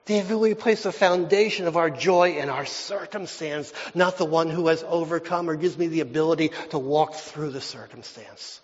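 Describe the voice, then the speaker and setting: A man preaching a sermon, repeating phrases for emphasis and swinging between loud declarations and near whispers. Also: a little high, moderate pace, few pauses. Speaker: pastor. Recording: dull lo-fi hall recording.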